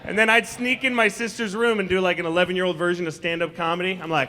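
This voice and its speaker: A man performing a stand-up comedy set on a comedy club stage, talking in an animated, conversational, mocking way. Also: high-pitched, fast, few pauses, slight background noise.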